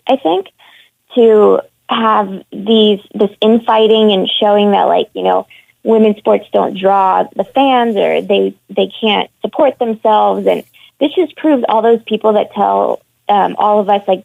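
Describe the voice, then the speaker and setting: A woman's voice: medium pitch, vocal fry, no room sound. A woman calling in as a women's hockey reporter, talking frankly and with open frustration during a phone-in discussion. She sounds annoyed and opinionated. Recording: tinny phone line.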